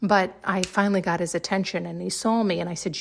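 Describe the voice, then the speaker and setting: A woman hosting a podcast, telling a story in a chatty, excitable way and laughing often. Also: fairly low pitch, a little fast, vocal fry, a little hiss or hum. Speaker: podcast host. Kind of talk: casual storytelling monologue.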